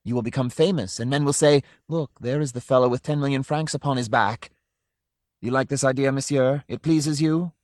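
A man voicing a smooth, snake-like tempter who relishes his words as he coaxes. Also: medium pitch, moderate pace, darkish tone, dry recording, clean studio sound, voice pushed up, natural voice. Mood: coaxing. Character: smooth persuasive adult male tempter, snake-like.

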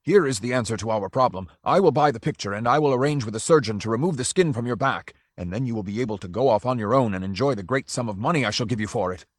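A man's voice: medium pitch, lively intonation, quick pace, hardly any pauses, no room sound, clean studio sound, lightly acted. A man voicing an eager, insistent art dealer pressing a deal. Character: eager pushy adult male art dealer.

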